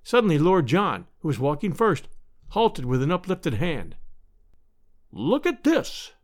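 Expressive male audiobook narrator, lively pitch. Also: moderate pace. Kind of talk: scripted narration.

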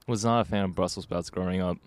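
A young man with a low voice hosts a relaxed chat with his siblings. He talks loosely and laughs at his own mistakes. The sound is dry and close. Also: fast, no echo. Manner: chatty, laughing, self-correcting. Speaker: podcast host. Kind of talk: casual chat.

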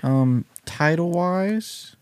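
A man casually riffing comic ideas in a relaxed, playful way. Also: a little high, very slow, clear, resonant tone, no echo. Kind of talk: casual comedic chat.

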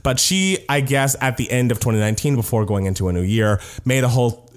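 A man's voice: medium pitch, fast talker. A young man co-hosting a podcast, talking in a casual, gossipy way and leaning on "like" a lot. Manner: animated, gossipy, heavy use of "like". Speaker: podcast co-host, actor. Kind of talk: casual chat.

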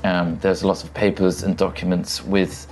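Very deep-voiced man playing a character. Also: flat delivery, darkish tone, a little hiss or hum. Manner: measured, formal in-character speech. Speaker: player. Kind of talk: in-character tabletop play.

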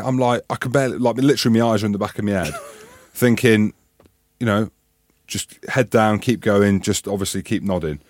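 Animated man telling sports stories. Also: fairly low pitch, brisk, dry recording. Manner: animated, swearing, acts out voices in his stories. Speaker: podcast co-host, former rugby player. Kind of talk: casual storytelling chat.

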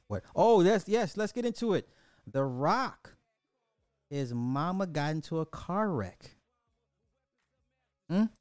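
A man hosting a casual livestream, reading chat questions in an animated, slangy way with lots of repetition and swearing. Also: medium pitch, no room sound, studio quality.

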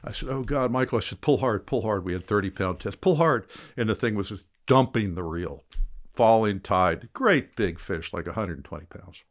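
An older man, a former fishing guide, telling a lively story in casual conversation and shouting out the quoted lines. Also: lowish voice, normal speed.

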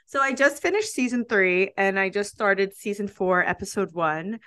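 A woman's voice: medium pitch, moderate pace, fairly bright tone. A woman in her thirties co-hosting a podcast, rambling in casual chat with lots of "like" and asides. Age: 30s. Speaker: podcast co-host.

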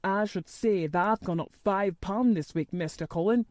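A woman doing a hoarse old gardener man. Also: mid-range voice, normal speed, darkish tone, no echo, studio quality, close to an everyday voice. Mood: moved. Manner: gruff, hoarse, dialect speech. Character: gruff old male gardener, gruff and stubborn.

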